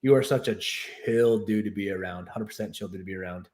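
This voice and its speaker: A man's voice: on the low side, brisk, darkish tone. A man casually chatting on his livestream, rambling and laughing as he tells stories. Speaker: streamer and host. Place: new home in Texas.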